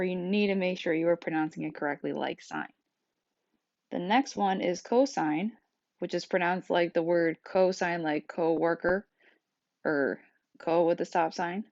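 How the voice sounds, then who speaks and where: A woman with a fairly low voice walks through a math lesson one patient step at a time. The recording is dry and a little dull, with no room sound around her. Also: gravelly, a little mellow, no room sound. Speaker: math teacher.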